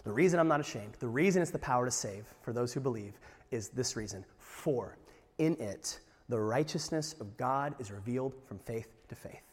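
A man preaching a sermon as pastor, animated, jumping from loud emphasis to quiet asides with jokes along the way. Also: medium pitch, normal speed, husky. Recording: long reverb of a large hall.

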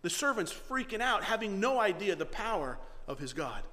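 A male pastor preaching a sermon and retelling scripture with animated, dramatic storytelling. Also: sits high, moderate pace, in a large hall.

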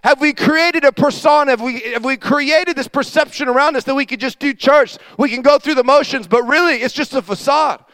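A man preaching a sermon as pastor, telling a story with acted-out dialogue and dropping to a quiet voice for emphasis. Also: very high voice, a little fast, hardly any pauses, no room sound. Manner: animated storytelling, acting out dialogue.

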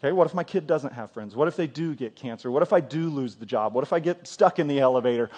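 A man's voice: mid-range voice, animated, quick pace, few pauses, darkish tone, husky. A middle-aged man preaching a sermon in a church, conversational, often repeating words and asking the congregation questions. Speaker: pastor.

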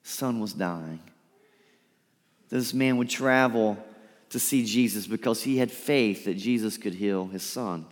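A man preaching a sermon, lively and emphatic, sometimes dropping to a soft pleading voice to act out a quote. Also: fairly low pitch, a little slow. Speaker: pastor. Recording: reverberant hall.

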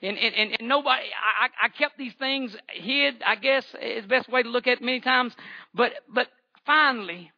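A man's voice: very high voice, normal speed, gravelly, bright, forceful tone, dull audio. A man, giving a fervent church testimony with repeated phrases and stammering restarts. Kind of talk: impassioned testimony sermon.

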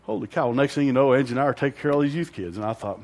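A man telling his personal testimony in a loose, rambling way, with a middling pitch and a plain everyday voice. He pokes fun at himself, laughs along the way and acts out what he was thinking back then. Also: racing, darkish tone. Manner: rambling, self-deprecating, with frequent laughs; acts out his own inner thoughts. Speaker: church member giving a testimony.

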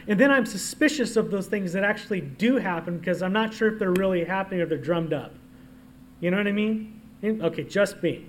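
A man preaching a sermon as pastor. He moves from quiet asides to loud, emphatic declarations and reads scripture aloud. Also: sits high, lively intonation, fast talker.

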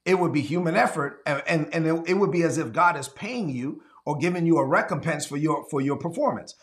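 A man preaching a sermon as pastor, animated, acting out little quoted voices and repeating words as he drives points home. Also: fairly high pitch, a little fast, hardly any pauses.

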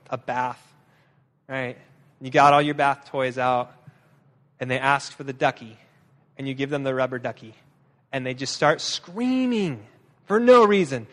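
A man with a high, bright-pitched voice preaches a sermon as a guest speaker. He talks in a lively, joking way and often stumbles and restarts his sentences. His voice rings out with the long reverb of a large hall. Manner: lively, humorous, with frequent restarts.

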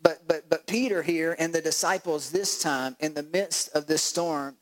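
A male pastor preaching a sermon, animated and acting out voices with laughs. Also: on the high side, normal speed, rough recording.

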